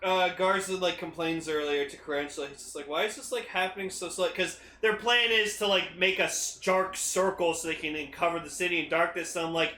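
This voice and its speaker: A man co-hosting a casual chat, excitable and laughing often, swearing freely. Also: high voice, fairly quick, hardly any pauses, reverberant, a little hiss or hum. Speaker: podcast co-host.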